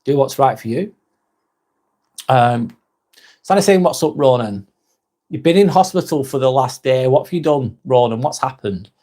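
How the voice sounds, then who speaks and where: A man's voice: mid-range voice, animated, normal speed, pauses often, dark tone. A man hosting a casual live vlog, reading viewer comments aloud and chatting back to them.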